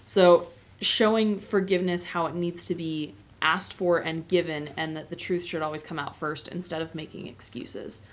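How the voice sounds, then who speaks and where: Woman teacher, low-ish voice, chatty lecture full of asides and fillers. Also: steady tone, moderate pace. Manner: chatty, discursive, many fillers. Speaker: literature teacher. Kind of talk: informal lecture on a novel.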